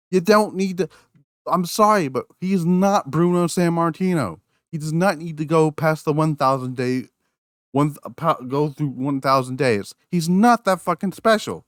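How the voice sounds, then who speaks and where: Brief: man, solo podcast host, heated profane rant, slightly high voice, dry close sound. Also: moderate pace, no room sound. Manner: angry, profane, repeats words and restarts.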